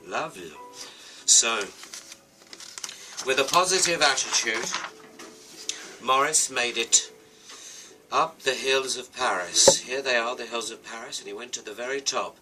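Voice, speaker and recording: A man's voice: medium pitch, unhurried, long pauses, recorded from a distance, over music, rough recording. A British man telling a comic story with a toy, chatty and playful, with asides to the viewer.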